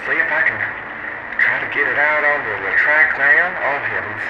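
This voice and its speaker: A man's voice: on the high side, moderate pace, natural voice. A man voicing a jittery, fretful stock car driver who keeps crying out in alarm. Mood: panicky. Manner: fretful, keeps exclaiming "oh heavens". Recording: dull audio under loud engine noise.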